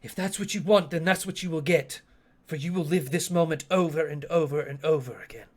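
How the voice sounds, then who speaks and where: A scarred dinosaur warrior, huge and menacing, making threats in a tabletop game, as a man puts him on. His voice sits a touch high, and he talks with grim intensity. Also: fairly quick, natural voice.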